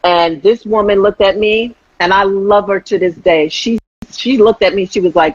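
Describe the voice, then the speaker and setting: Husky woman, animated storyteller, dull lo-fi recording. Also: mid-range voice, moderate pace. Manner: animated storyteller, acts out quotes. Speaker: host. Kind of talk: casual chat.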